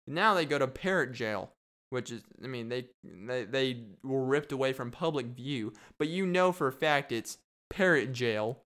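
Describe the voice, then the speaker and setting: A young man talks through his own solo podcast, jumping from joke to joke and laughing at his own lines. His voice is smooth and clean, sitting at an ordinary middle pitch. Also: lively intonation, measured pace, fairly bright tone. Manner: rambling and jokey, laughs at his own bits. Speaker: podcast host. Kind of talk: casual solo podcast monologue.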